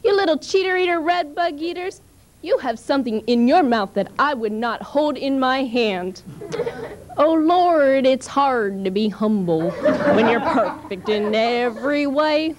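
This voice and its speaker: A woman's voice: high voice, expressive, measured pace, a little hiss or hum. Teen girl doing a vain teasing teacher. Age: late teens. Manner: playful teasing.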